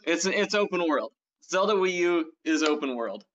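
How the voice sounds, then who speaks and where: A man's voice: a little high, animated, normal speed, a bit bright. A man co-hosting a gaming channel, chatting casually and enthusiastically about game news with many ums and restarts. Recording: dull lo-fi sound.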